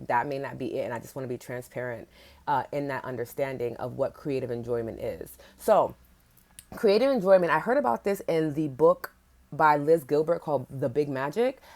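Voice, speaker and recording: A woman's voice: low voice, a little mellow. A woman hosting a casual livestream podcast, talking candidly and chattily with frequent "like"s and casual swearing. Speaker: podcast host.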